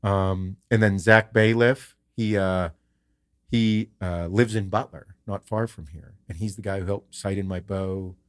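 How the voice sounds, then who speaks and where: A podcast host telling a casual story in a profane, rambling way. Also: male voice, low voice, fairly even intonation, unhurried. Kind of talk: casual chat.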